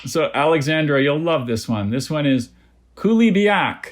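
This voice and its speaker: Spelling bee pronouncer on a video call, deadpan delivery, even mid-range voice. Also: mid-range voice, normal speed, faint music behind. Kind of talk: reading words and definitions over a video call.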